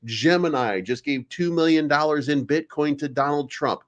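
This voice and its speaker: A man's voice: a little high, normal speed. Sarcastic ranting male crypto host. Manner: ranting and sarcastic, mocking viewers in whiny put-on voices. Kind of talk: energetic daily crypto show monologue.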